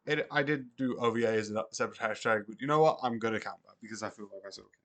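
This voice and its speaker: A man's voice: fairly low pitch, very fast, a bit bright. Casting: British man, streamer, loose rambling review, heavy on fillers and restarts. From Britain. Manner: rambling, many fillers and self-corrections.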